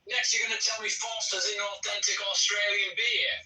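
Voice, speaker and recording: A brash, profane man ribbing his guests in casual chat, with a slightly raised pitch and a bright, forceful tone. He sounds set back from the mic in a roomy space, with faint noise underneath. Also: level tone, brisk, soft background music. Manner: brash, profane, teasing banter. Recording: roomy distant livestream audio, faint noise.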